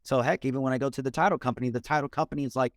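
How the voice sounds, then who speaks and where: A man, a mortgage loan officer and podcast guest, talking in an energetic, expressive way over a remote call. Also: medium pitch, racing, no room sound, studio quality. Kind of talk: casual interview talk.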